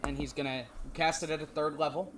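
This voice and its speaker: A man runs a live tabletop session as dungeon master. His voice sits a little high, and he narrates the action and hands down rulings briskly. A faint hiss runs under him. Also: steady tone. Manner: brisk, directing turns and rulings.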